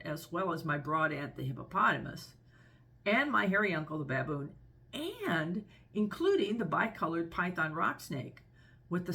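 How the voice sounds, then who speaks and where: A woman voicing a polite, curious young elephant calf in a storybook reading, talking high and pleading. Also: creaky, pushed and bright, heavily acted.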